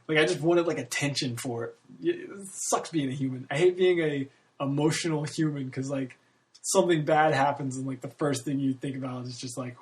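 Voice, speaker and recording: A man's voice: mid-range voice, normal speed. A man in his early thirties, rambling candidly in a casual monologue, swearing freely and laughing often. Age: 30s. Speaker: podcast host.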